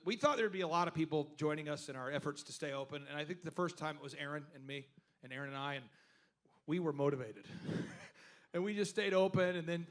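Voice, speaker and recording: A man hosting a live business workshop, telling stories and asking the audience questions in an animated way. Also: on the high side. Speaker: host.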